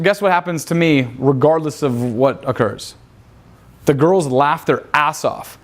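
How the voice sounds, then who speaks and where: Man, seminar instructor, brash, profane, rhetorical questions, fairly high voice. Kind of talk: profane live seminar talk. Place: seminar room with audience.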